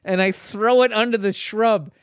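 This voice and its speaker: A man telling a rowdy story in casual conversation, his voice sitting a bit high and sounding close and dry. He laughs at his own tale and curses freely as it builds. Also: steady tone, moderate pace, clean tone, no room sound. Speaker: podcast guest.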